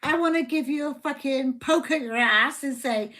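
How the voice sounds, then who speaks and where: A woman's voice: high voice, moderate pace, hardly any pauses, fairly bright tone. A woman giving a casual live tarot reading, blunt, joking and full of swearing. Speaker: tarot reader. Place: home livestream.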